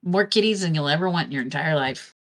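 Low-voiced woman telling a rambling story. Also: quick pace. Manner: rambling storyteller who acts out quoted dialogue. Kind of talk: casual conversation.

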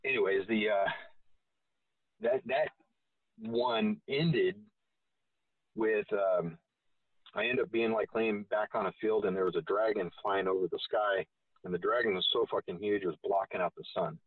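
A man's voice: fairly low pitch, expressive, moderate pace, pauses often, dry recording, distant mic. A man telling a long personal story in a casual, rambling way with frequent swearing. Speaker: guest. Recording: tinny phone-like sound from off-mic.

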